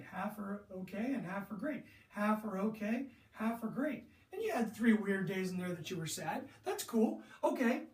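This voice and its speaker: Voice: medium pitch, a little mellow. A sports mental coach teaching young athletes, talking animatedly, asking rhetorical questions and acting out athletes' moods. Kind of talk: motivational lesson to young athletes. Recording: roomy echo, distant from the mic.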